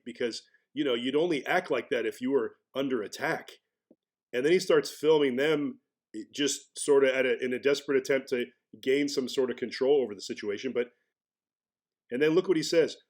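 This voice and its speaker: A man's voice: mid-range voice, fairly quick, darkish tone. A man giving casual commentary on a video clip, talking in a conversational way and sometimes mocking the people he shows. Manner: conversational, mocking impressions of others.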